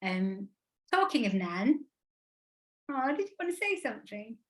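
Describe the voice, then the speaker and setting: A woman's voice: on the high side, big pitch swings, unhurried, a bit bright. A woman in her thirties from England, a guest speaker talking about spirit and grief in an earnest, emotional, rambling way. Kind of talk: casual spiritual talk.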